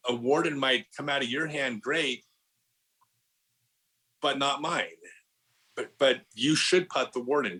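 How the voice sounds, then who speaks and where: A middle-aged man with a bright, forward voice chats on a podcast, spinning stories with lots of false starts. He leans on "like" and keeps circling back to his point. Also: medium pitch, low-quality recording. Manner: animated storyteller, lots of restarts and "like". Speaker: podcast guest, disc golf pro. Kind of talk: casual podcast chat.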